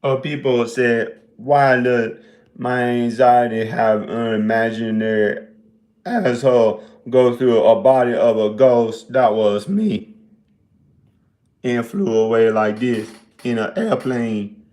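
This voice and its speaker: A man's voice: medium pitch, takes it slowly, darkish tone. A man talking to his camera in a loose, rambling monologue, drifting between thoughts and often breaking into giggles. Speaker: video maker. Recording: echoey room.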